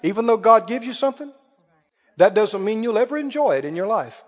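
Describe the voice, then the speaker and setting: A man preaching a sermon in a church hall, animated and emphatic, with sharp swings in loudness. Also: sits high, fairly quick. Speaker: pastor. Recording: dull audio with long hall reverb.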